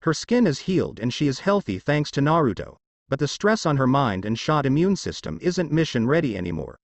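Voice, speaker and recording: A man reading the lines of an impatient young female huntress leader who speaks briskly. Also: a little high, big pitch swings, no room sound. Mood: irritated. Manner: brisk, irritated.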